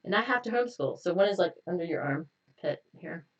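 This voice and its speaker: A woman's voice: lowish voice, fairly quick, distant mic, dull audio. A woman hosting a live stream, talking casually and laughing as she leads viewers through repeated affirmations, a little tired. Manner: relaxed, chatty, laughs often, repeats affirmations. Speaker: hypnotist leading a tapping exercise.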